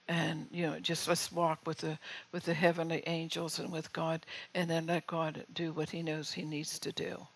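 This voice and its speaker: Older woman preacher with a gravelly voice. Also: low-pitched, poor audio. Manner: conversational, often checks in with the listeners. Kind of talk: sermon.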